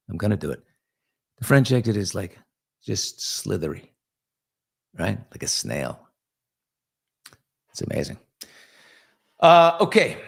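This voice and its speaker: A man's voice: fairly low pitch, big pitch swings, unhurried, creaky, long pauses, breathy edge. A man hosting a casual live talk show, joking around and rambling with asides to his crew. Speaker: host.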